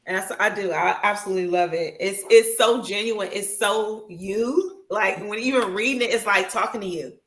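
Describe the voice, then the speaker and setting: Fired-up woman on a podcast call, bright voice, cusses a lot, roomy echo. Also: medium pitch, moderate pace, few pauses. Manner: emotional, swears freely, laughs often. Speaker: podcast guest. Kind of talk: casual chat. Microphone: video call.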